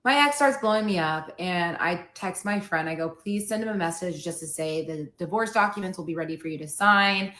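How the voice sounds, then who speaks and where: A woman's voice: fairly low pitch, a little fast, hardly any pauses, a bit bright, roomy sound. A woman podcast host candidly retelling a personal story and acting out the quoted dialogue.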